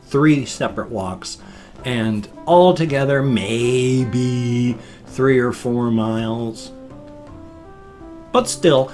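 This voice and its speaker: An older man from the United States talks through his day in a loose, rambling vlog, laughing at himself along the way. His pitch swings up and down as he tells the story, sitting at an ordinary middle height. Quiet guitar music plays faintly behind him. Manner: rambling, self-deprecating, animated storytelling. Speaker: vlogger. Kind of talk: casual vlog chat.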